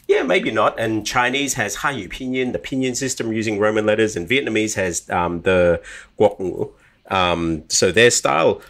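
A man working as a linguist and language coach, quickly and animatedly demonstrating sounds while teaching pronunciation on a podcast. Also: fairly low pitch, fairly bright tone.

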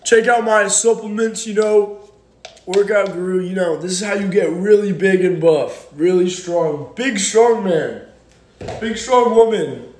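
A man putting on the voice of a pushy male workout guru pitching supplements. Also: a little slow, a little mellow, echoey room, slight background noise. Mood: hyped.

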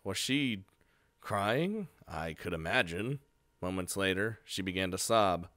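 A man's voice: sits low, lively intonation, a little slow, a bit bright. Young man reading a game aloud, joking. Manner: joking, swears, laughs between lines. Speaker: let's play player.

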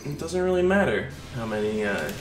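A sarcastic man streams a game and vents, swearing and shouting at a hard boss. His voice sits mid-range and bounces in a roomy space. Faint music plays under him. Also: medium pitch, sing-song, brisk. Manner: frustrated, sarcastic and profane, yelling at the game. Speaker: gaming streamer. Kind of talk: live gameplay commentary.

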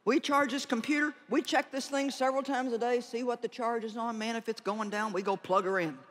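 An older woman delivers a humorous sermon at a conference, animated and joking as she acts out little prayers and conversations. Her voice is a little high and her pace a little fast.

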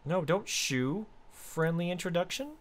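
Guy doing chatty let's play commentary, voice swings all over, squeals when he gets excited. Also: high voice, measured pace. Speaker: gaming video host.

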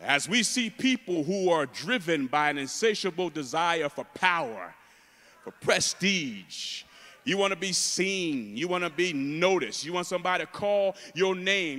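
A man preaching a sermon as a guest preacher, moving from calm teaching to loud, fervent preaching. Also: high voice, in a large hall. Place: large church.

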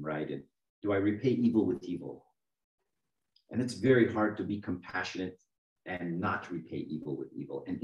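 Middle-aged guy preaching, lowish voice, keeps asking "right?", roomy church echo, bit far from mic. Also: darkish tone, dull audio. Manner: conversational, often asks "right?" to the congregation. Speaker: archdeacon preacher. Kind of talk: sermon. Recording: echoey room, mic from a distance.

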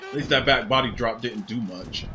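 A young man giving casual gameplay commentary, cursing and shouting at the game as he plays. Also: medium pitch, normal speed, dull audio. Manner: loud, swearing outbursts at the game. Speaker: gaming channel host. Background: game music.

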